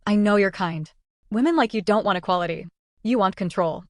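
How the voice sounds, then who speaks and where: A woman voicing a domineering older father-in-law who speaks with quiet, cold contempt. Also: medium pitch, fairly quick, no room sound, clean studio sound, close to an everyday voice. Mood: contemptuous.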